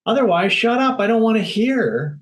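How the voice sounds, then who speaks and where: Male interview guest, blunt and emphatic, higher-pitched voice. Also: animated, moderate pace, poor audio. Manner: blunt, emphatic, acts out quotes. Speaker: guest speaker. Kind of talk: candid interview talk.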